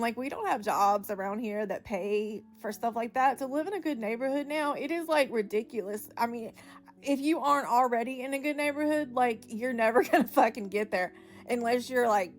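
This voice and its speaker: A young woman talks casually to her viewers, her voice carrying a gravelly rasp. She rambles, leans on "like" constantly and swears freely as she talks. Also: medium pitch. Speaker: vlogger. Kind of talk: casual chat to camera.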